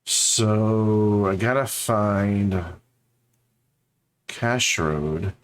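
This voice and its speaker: A man's voice: on the low side, very slow, clear, resonant tone. A man streaming a game, chatting casually and rambling to his viewers. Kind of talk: casual live-stream chat.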